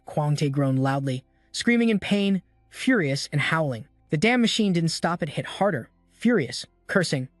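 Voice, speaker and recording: Male narrator for a story recap, slightly high voice, steady delivery, faint music bed. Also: normal speed, no echo, studio quality.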